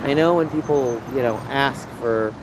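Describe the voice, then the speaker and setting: A man in his thirties livestreams from city streets at night, reading viewers' comments and chatting with them casually and emotionally. His voice is mid-range at a moderate pace, with city traffic and street noise behind him.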